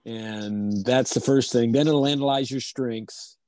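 A man coaching on a video call, calm and measured as he explains and tells a teaching story. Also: medium pitch, no room sound.

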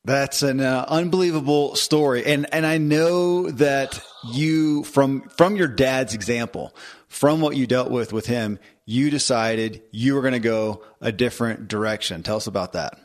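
A man's voice: mid-range voice, measured pace. A man hosting an interview podcast, asking long follow-up questions. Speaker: podcast host.

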